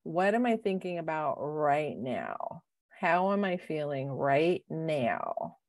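A middle-aged woman co-hosting a podcast as a life coach, talking in a rambling, emotional, animated way. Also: low-pitched, slow pace, no echo, clean studio sound. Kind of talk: casual podcast chat.

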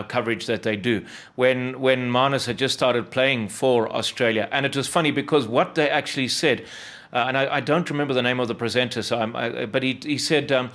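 A man hosts an interview and asks his questions with friendly curiosity. He hesitates often and repeats words while he builds his sentences. His voice sits at an ordinary middle pitch. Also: a bit bright. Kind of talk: interview conversation.

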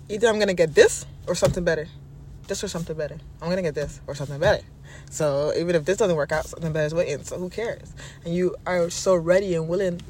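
A man giving a casual motivational monologue, animated and self-assured, talking in quick bursts about mindset. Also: high voice, a little hiss or hum. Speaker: self-help speaker.

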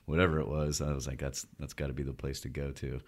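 A man's voice: extremely low pitch, little pitch movement, quick pace. A man co-hosting a podcast, chatting in an easygoing, joking way. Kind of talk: casual podcast chat.

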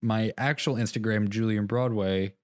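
Young man, podcast co-host, low-pitched, rambling casual talk, dry close sound. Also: fairly even intonation, normal speed, dry recording. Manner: rambling, self-mocking, laughs often. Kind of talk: casual chat.

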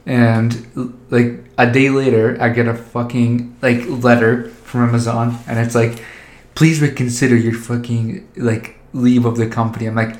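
A man's voice: mid-range voice, fairly even intonation, measured pace. A man telling stories in casual chat, crude and joking, laughing often. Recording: roomy echo.

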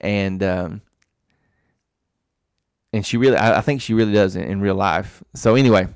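A man's voice: lowish voice, normal speed, creaky, noisy background. A man co-hosting a podcast, telling a long, rambling story full of restarts and fillers in a casual chat. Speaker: podcast co-host.

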